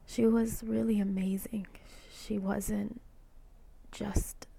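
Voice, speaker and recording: A hoarse woman with a cold, talking as a concerned mother in a personal video message, hesitant and halting with soft, half-whispered words. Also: medium pitch, level tone.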